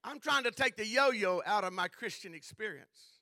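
High, bright preacher. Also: male voice, animated, normal speed, dry recording. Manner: call-and-response, building to shouts. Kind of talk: sermon.

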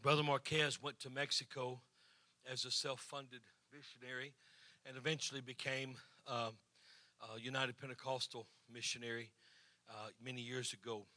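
A man's voice: medium pitch, level tone, moderate pace, sharp tone, dry recording. A man, a pastor telling a story in a sermon to his congregation and acting out the people in it. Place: church, in front of a congregation.

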